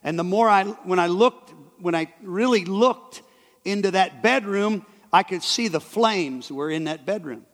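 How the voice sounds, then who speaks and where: A high-voiced man preaches in a church hall and tells a story to the congregation. He stumbles and restarts his words often. His voice rings with a long hall reverb. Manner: halting, repeats and restarts words. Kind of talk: sermon storytelling.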